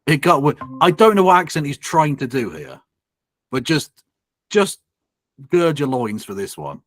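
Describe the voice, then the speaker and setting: A man's voice: fairly high pitch, sing-song, measured pace, fairly bright tone, no echo, studio quality. A man co-hosting a casual livestream and reacting to clips, sweary and sardonic. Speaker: streamer reacting to a video.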